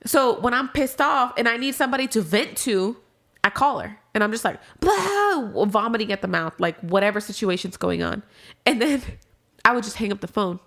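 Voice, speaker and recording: A woman's voice: medium pitch, brisk, gravelly, fairly bright tone. A young adult woman as a podcast guest, talking candidly and casually about grief, swearing freely and trailing off into restarts.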